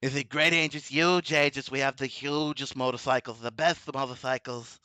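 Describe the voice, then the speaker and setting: A man's voice: mid-range voice, fairly even intonation, moderate pace, sharp tone, clean tone, no room sound, voice pushed down, lightly acted. A man doing a pompous bragging politician. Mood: boastful. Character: boastful older male politician, pompous.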